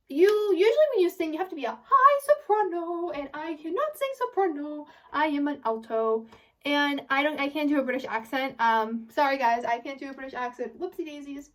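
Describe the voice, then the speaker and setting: A young woman of about eighteen, a high school senior, chatting casually to her viewers, rambling and restarting her sentences. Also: fairly bright tone, far from the mic. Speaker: vlogger. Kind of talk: casual chat to camera.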